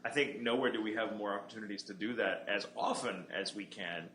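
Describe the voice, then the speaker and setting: A man's voice: on the low side, brisk, fairly bright tone. A man, a voice actor co-hosting a casual podcast chat, talking reflectively and rambling with many restarts. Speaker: voice actor and co-host. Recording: roomy echo, faint background noise.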